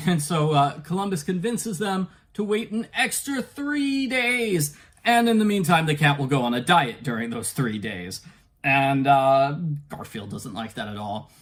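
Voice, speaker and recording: A man with a somewhat high voice gives a casual spoken book review. He often stumbles and repeats words, with chuckling asides. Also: lively intonation, measured pace, fairly bright tone.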